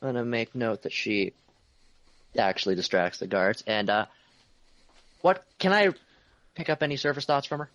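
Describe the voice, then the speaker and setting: A man's voice: mid-range voice, moderate pace, pauses often, fairly bright tone, no room sound. Male player, casual, thinks aloud, dry close mic. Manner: asking rules questions, thinking aloud. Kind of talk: casual tabletop play.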